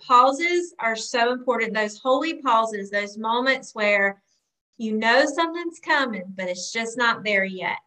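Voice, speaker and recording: Bright-voiced Southern woman, earnest. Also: fairly high pitch. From United States. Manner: earnest, faith-filled advice with frequent pauses. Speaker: guest, yoga teacher. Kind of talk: podcast interview.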